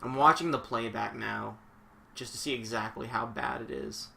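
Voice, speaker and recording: A young man commentating a wrestling video game on a live stream, excitable and swearing a lot, shouting one moment and muttering the next. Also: lowish voice, moderate pace, creaky, a little hiss or hum.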